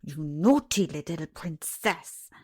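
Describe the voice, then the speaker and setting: A woman's voice: big pitch swings, takes it slowly, a little mellow, breathy edge, heavily acted. A woman voicing an angry nursemaid who scolds a child sharply. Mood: scolding. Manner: scolding, shrill.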